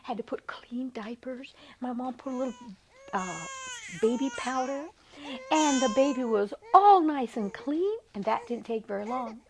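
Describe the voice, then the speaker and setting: An older woman telling a childhood story in a gentle, sing-song way, lingering tenderly on her words. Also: high-pitched, expressive, measured pace, noisy background. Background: music.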